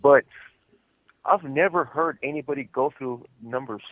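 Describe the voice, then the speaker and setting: A man's voice: mid-range voice, normal speed, dry recording. A man chatting casually and joking on a call from prison, laughing often and using lots of fillers. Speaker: podcast co-host calling from prison. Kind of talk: casual chat on a phone call. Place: prison day room phone. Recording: dull lo-fi phone line.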